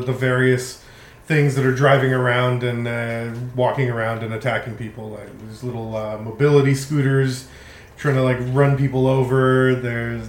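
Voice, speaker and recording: A man narrating a tabletop game as game master, rambling loosely with frequent ums. His voice sits at an ordinary pitch and has a roomy echo around it. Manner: casual, rambling with many ums and laughs.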